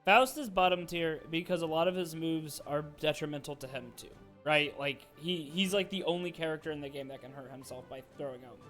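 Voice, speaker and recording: A man streaming a fighting game with a friend, explaining things in a halting, stammering way and laughing often. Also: on the high side, a bit bright, soft background music. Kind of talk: casual gaming chat.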